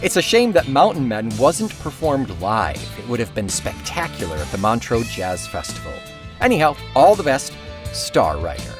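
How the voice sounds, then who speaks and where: A podcast host doing a put-on New Zealand accent to read a listener's email aloud, hammy and playful. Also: male voice, mid-range voice, wildly swooping pitch, moderate pace, over music.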